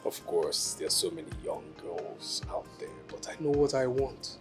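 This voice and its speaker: An actor with a Nigerian English accent playing a calm, persuasive widower courting a woman. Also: deep voice, moderate pace, soft background music. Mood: tender. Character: smooth-talking male widower wooing a woman. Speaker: widower suitor. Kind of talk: film drama acting.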